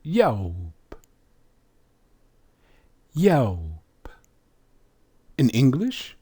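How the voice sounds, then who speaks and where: A man teaching a religious language lesson, drawing out letter sounds slowly and putting questions to the listener. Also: on the low side, darkish tone.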